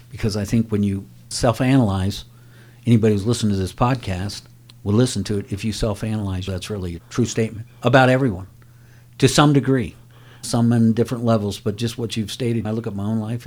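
A man's voice: fairly low pitch, a little mellow. A man hosting a podcast, reflecting on his guest's point and asking him questions. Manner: reflective, affirming listener. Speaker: podcast host. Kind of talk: interview conversation.

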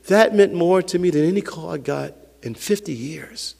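An older man, a pastor, preaching a sermon with emphatic swells that sink to hushed, close tones, chuckling now and then. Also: on the high side, animated, moderate pace, creaky, few pauses. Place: church sanctuary. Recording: long reverb of a church hall.

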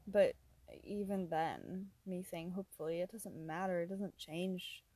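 A young woman hosting a casual solo podcast, rambling softly, laughing often and sometimes dropping to a whisper. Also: fairly low pitch, slow, no room sound. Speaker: podcast host.

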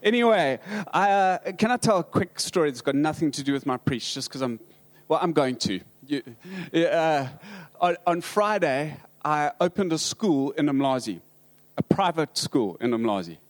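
South african preacher guy, slightly high voice, stop-start funny storytelling, dry jokes. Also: lively intonation. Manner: halting, with frequent restarts and dry humor. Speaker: pastor. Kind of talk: humorous storytelling sermon.

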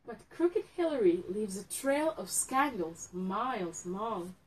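A woman's voice: medium pitch, expressive, slow, slightly rough, poor audio. A woman co-hosting a casual chat, teasing her partner dryly while reading a children's book aloud to a phone. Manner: dry, teasing. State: just back from the gym.

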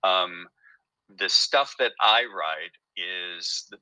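A man's voice: low-pitched, very slow, sharp tone, no echo, poor audio. A man who creates and writes a TV show, telling his story in a casual interview with many fillers and restarts.

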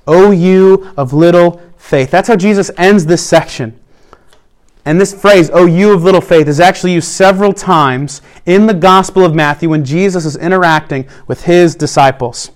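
A man preaching a sermon in an earnest way, slowing down to stress key points. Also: high voice. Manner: earnest preaching, slows down for emphasis. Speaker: pastor.

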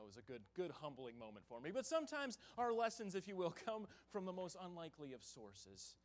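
A man who is a traveling evangelist, preaching a sermon in a church in a folksy storytelling way, with loud bursts and hushed stretches. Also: fairly high pitch, very animated, a little fast. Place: church sanctuary.

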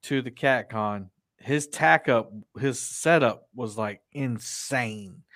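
A man's voice: medium pitch, slow, fairly bright tone, no echo. Male podcast co-host, dry recording, keen conversational delivery. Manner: affirming, then enthusiastic rhetorical questions. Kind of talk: casual chat.

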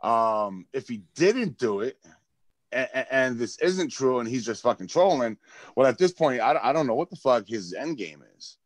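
A man's voice: medium pitch, expressive, normal speed, no room sound. A man hosting a podcast in casual chat, thinking aloud with restarts and the odd swear. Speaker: podcast host.

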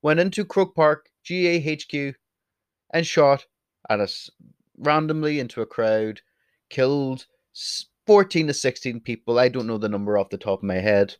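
A man's voice: mid-range voice, expressive, normal speed, clear, resonant tone, no room sound. Chatty Irish man, dry close sound. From Ireland. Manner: chatty, blunt, swears, wanders off topic. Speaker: vlogger. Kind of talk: casual rambling monologue. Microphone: desk mic, sometimes turns away from it.

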